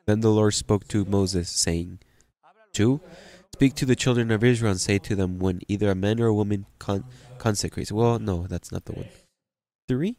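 Guy preaching a sermon, kinda low voice, talks plain and gets fired up, repeats himself a lot. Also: normal speed. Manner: animated, plain-spoken, repeats and restarts phrases.

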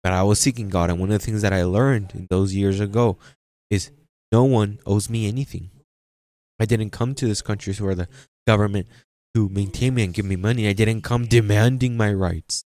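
A man with a fairly low voice preaches to his congregation, with a steady stream of amens and repeated phrases. The sound is close and dry, with no room echo. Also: normal speed. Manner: animated preaching with frequent amens and repetitions. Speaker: pastor. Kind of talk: sermon. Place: church sanctuary.

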